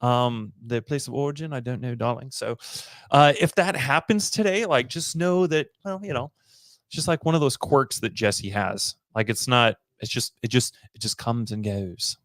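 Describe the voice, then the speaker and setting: A man's voice: medium pitch, moderate pace, fairly bright tone, no echo, studio quality. A young man hosting a casual livestream show, playful and theatrical, drifting into silly voices, talking over a video call. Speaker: podcast host.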